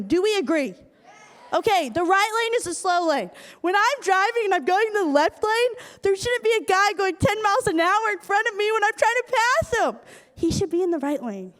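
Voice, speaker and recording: A young woman from Iowa giving a lively youth group talk, telling stories with acted asides. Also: sits high. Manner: animated storytelling with acted asides. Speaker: youth speaker. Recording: hall reverb from a live room.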